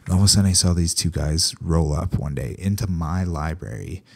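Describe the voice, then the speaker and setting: A man from Canada, a veterinarian hosting a solo podcast, talking casually with animated, sarcastic asides. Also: sits low, a little fast, vocal fry, dry recording.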